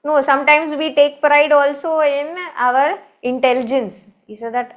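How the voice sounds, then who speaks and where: A woman's voice: high-pitched, fairly even intonation, moderate pace, hardly any pauses. A woman with an Indian English accent, a spiritual teacher telling a scripture story in a conversational way with many asides.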